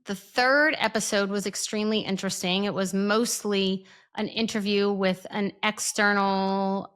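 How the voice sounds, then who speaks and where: A woman's voice: mid-range voice, fairly bright tone. A woman in her thirties hosting a parenting show, giving a candid, blunt opinion monologue with frequent restarts and casual swearing. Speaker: parenting podcast host.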